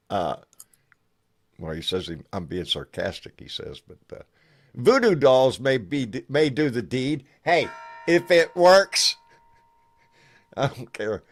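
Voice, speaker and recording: A man hosting a casual live stream, making folksy remarks, thanking donors and wrapping up. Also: medium pitch. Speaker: host.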